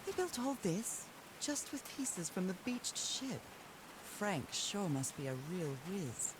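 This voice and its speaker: A woman's voice: mid-range voice, takes it slowly. An actress voicing a curious 1930s woman explorer in a video game, thinking aloud to herself as she searches for her husband. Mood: musing. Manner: thoughtful, talks to herself. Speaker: game protagonist. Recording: game audio with steady background noise.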